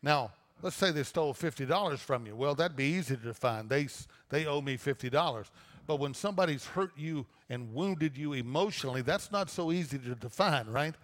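Conversational preacher in a reverberant church. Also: male voice, fairly high pitch, expressive, brisk, hardly any pauses, fairly bright tone. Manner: conversational preaching with repeated restarts. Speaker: pastor. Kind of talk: sermon. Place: church auditorium. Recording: long reverb of a church auditorium.

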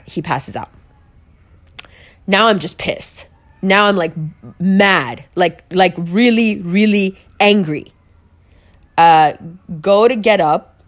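A woman candidly telling a personal story, chatty, with lots of "like" and acted-out quotes of herself. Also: on the low side. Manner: chatty, peppered with "like", quoting herself.

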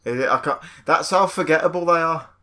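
A man's voice: a little high, fairly quick, pushed and bright. A man co-hosting a podcast, making dry, wry jokes in casual chat. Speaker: podcast co-host.

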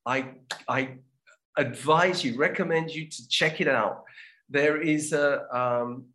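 A man's voice: a little high, bright, forceful tone. A man co-hosting a language-learning show in casual chat, chatty and given to restarts. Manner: chatty, restarts often, promotional asides.

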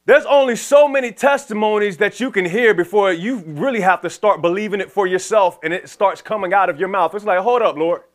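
A man with a high voice preaches to his church. He moves between slow, stretched-out lines and quick asides, acting out back-and-forth conversations with the Lord in an animated way. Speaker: pastor. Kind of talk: sermon.

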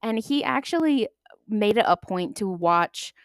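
A young adult woman hosting a podcast, telling stories in a chatty, animated way and acting out the voices of people she quotes. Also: mid-range voice, unhurried, clear, resonant tone, no echo, studio quality. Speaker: podcast host. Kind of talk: casual storytelling monologue.

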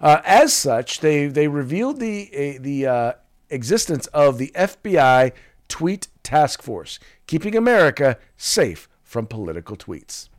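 Man, podcast co-host, animated pitch, casual political chat, acts out quotes. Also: unhurried.

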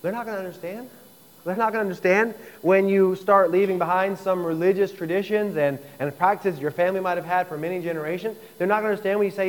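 Guy preaching a sermon, kinda high voice, echoey church hall, acts out little convos. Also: fast talker. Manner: earnest preaching, acting out imagined dialogue. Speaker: pastor.

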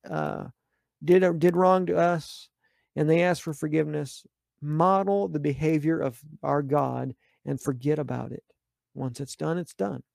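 Male pastor, podcast sermon, gravelly voice, dry close sound. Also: on the high side, a little mellow, no echo. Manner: earnest, repetitive preaching.

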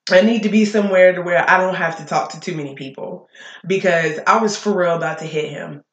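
A woman's voice: lowish voice, dull audio. A woman hosting a solo podcast, ranting bluntly and with plenty of swearing. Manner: blunt and profane, talking fast and heated. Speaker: podcast host. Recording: echoey room.

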